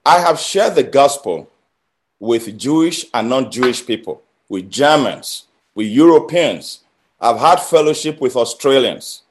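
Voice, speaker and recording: A man preaching a sermon, emphatic, building phrases through repetition and swinging between loud and quiet. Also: medium pitch, expressive, measured pace. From Nigeria. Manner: emphatic, with rising and falling intensity and repeated phrases.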